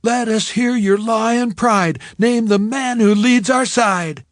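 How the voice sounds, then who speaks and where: A man voicing a squad of peppy teenage girl cheerleaders chanting and shouting to lead a crowd. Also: very high voice, takes it slowly, dry recording, studio quality, pitched above the performer's own voice. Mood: cheering.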